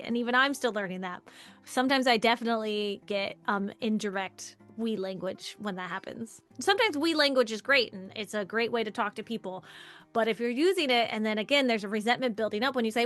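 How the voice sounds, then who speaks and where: A woman's voice: on the high side, brisk, faint music behind. A woman leading a live online workshop in a casual, chatty way, acting out quoted lines in playful voices. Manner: animated, acts out quoted dialogue in voices; casual, conversational, chatty asides. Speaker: workshop leader.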